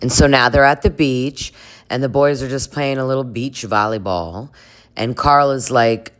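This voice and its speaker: A woman's voice: rumbling low, unhurried. A woman chatting casually through a reality TV recap, crude and laughing often, mimicking the people she talks about. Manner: chatty and crude, laughs a lot, puts on voices for cast members. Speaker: recap vlogger.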